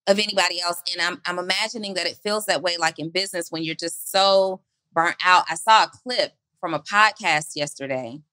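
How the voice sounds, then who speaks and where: Woman, motivational podcast talk, repeats questions, bright tone, dry close mic. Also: fairly low pitch, no room sound. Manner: earnest, repeats questions for emphasis. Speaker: podcast co-host.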